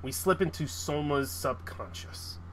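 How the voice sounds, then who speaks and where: A man running a tabletop game as game master, narrating slowly and haltingly with frequent restarts. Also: fairly high pitch, heavy background noise.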